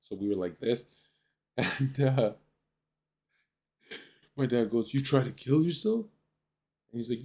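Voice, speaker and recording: A man from Canada hosting a stream. He tells stories in a crude, animated way and acts out the voices of the people he quotes. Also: medium pitch, takes it slowly, pauses often, slightly rough. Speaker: streamer host. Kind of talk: casual storytelling on stream.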